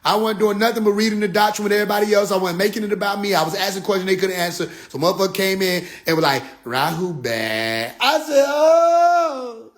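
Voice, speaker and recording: A man talking on a casual phone livestream, animated and profane, often mimicking others in low mocking voices. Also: rapid-fire, few pauses. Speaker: livestream host.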